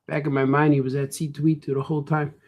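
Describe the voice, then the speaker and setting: A man's voice: a little high, level tone, fast, highs cut off. A man cartoonist thinking aloud in a casual drawing vlog, rambling and muttering to himself as he works. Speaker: cartoonist and comic shop host.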